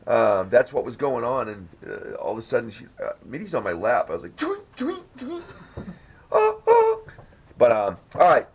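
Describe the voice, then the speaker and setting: A man's voice: medium pitch, wildly swooping pitch, normal speed, breathy edge. A man hosting a casual podcast, telling a rambling, profanity-laced story. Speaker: podcast host. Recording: dull lo-fi audio with faint noise.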